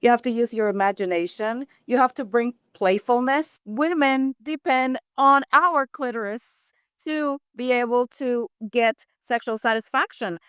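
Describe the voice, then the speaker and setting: A woman's voice: fairly high pitch, measured pace, a bit bright, smooth, dry recording, clean studio sound. A woman co-hosting a talk show, giving frank, direct advice with enthusiasm. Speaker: co-host, sex expert.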